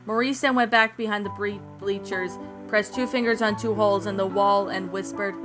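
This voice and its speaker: A woman reading a fan-written story aloud in a steady, even voice. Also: mid-range voice, moderate pace, hardly any pauses. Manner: steady, even narration with small slips. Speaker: fan fiction reader. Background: soft background music.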